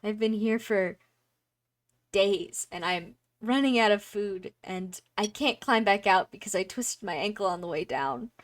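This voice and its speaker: A woman voicing a weary, injured young woman trapped in a cave, with a raspy voice and a relieved, tired way of talking. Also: medium pitch, measured pace, close to an everyday voice.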